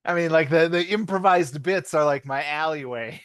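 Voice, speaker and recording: A man's voice: a little high, moderate pace, fairly bright tone, smooth, no echo, studio quality. A man co-hosting a podcast, chatting casually and joking, who likes doing comic impressions. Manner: jokey, slips into comic impressions. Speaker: podcast co-host. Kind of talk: casual chat.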